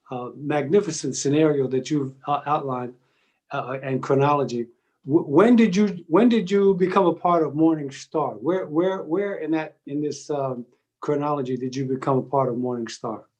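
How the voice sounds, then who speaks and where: A man interviewing a guest on a church program, pausing and searching for words. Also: on the high side, darkish tone.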